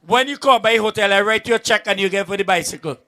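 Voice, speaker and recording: A man with a Vincentian accent voicing a boastful big man who gushes in a low voice. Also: fast talker, sharp tone. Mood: gushing. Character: grateful boastful big man, nearly drowned.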